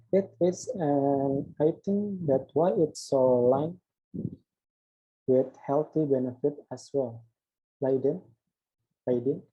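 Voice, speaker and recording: A man's voice: mid-range voice, dark tone, husky, muffled recording. A young man, a student, reads an interview script aloud and voices both the host and the guest, stumbling and restarting on words. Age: young adult. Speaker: student presenting an assignment.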